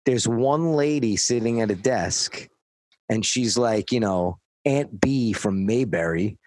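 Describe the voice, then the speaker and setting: A man's voice: mid-range voice, expressive, unhurried, dry recording, low-quality recording. A man casually telling a story, cursing freely and acting out what others said. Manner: profane, dry, acts out quoted voices. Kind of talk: casual anecdote.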